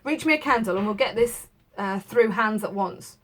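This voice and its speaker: A woman's voice: medium pitch, animated, moderate pace, voice pushed up, close to an everyday voice. Nervous male butler from an old story, urgent and raised, read by a woman. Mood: sharp. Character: frightened male Victorian butler.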